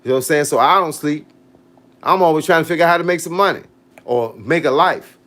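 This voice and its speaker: Man in his fifties, boxing coach, livestream chat, fairly high voice, animated, slangy, preachy advice. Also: quick pace. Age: 50s. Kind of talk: casual livestream chat reading comments.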